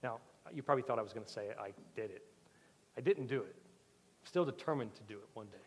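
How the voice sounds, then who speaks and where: A male pastor giving a sermon, telling a personal story with animated swings between loud and soft. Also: lowish voice, fast talker, slightly rough. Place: church sanctuary. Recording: church hall with long reverb.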